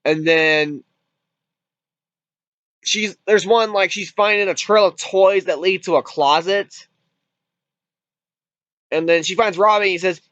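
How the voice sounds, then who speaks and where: A man's voice: high voice, takes it slowly, long pauses, fairly bright tone, no room sound. A man casually retelling a movie's plot as a reviewer, rambling with restarts and swearing freely. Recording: dull lo-fi dry recording.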